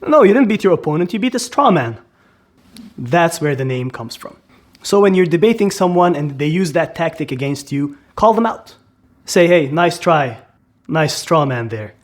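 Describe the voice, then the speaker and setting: A man's voice: fairly high pitch, big pitch swings, normal speed. A man explaining an idea emphatically, asking rhetorical questions and repeating key words for stress. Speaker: educator. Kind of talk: explanatory commentary.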